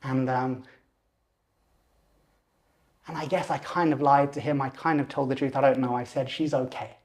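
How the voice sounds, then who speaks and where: A man in his forties, a lucid dreaming teacher and podcast guest, telling a personal story in an animated way. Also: mid-range voice, normal speed. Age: 40s. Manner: animated, acts out voices and gestures while telling.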